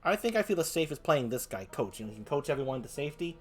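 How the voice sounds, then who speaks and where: Jumpy coward type, put on by a streamer, panicky babbling, very lively pitch, faint music under it. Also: fast, close to an everyday voice. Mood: nervous. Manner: jittery, shrieks and babbles in panic. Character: timid panicky cowardly survivor. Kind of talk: in-character game commentary.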